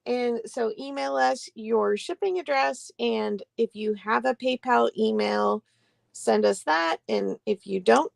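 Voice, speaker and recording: A woman's voice: medium pitch, vocal fry, dry recording. A woman co-hosting a live online sale, counting down bids and giving plain instructions. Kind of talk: live-stream sales chat.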